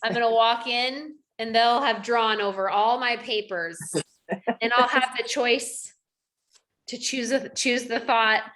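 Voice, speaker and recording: A woman in her thirties leading a coaching call, animated and acting out her own thoughts as she talks. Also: fairly high pitch, a little slow. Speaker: life coach. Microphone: video call.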